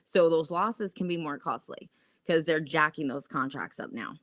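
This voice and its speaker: A woman with a low voice speaks at a moderate pace while hosting a casual stock trading livestream and going through viewer comments. She's animated, profane, and laughs at her own expense.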